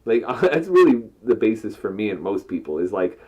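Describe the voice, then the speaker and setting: A man's voice: lowish voice, sing-song, normal speed, darkish tone. A man co-hosting a casual couples podcast, talking in a laid-back, rambling way and swearing freely. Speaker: podcast co-host. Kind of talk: casual chat. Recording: muffled lo-fi mic.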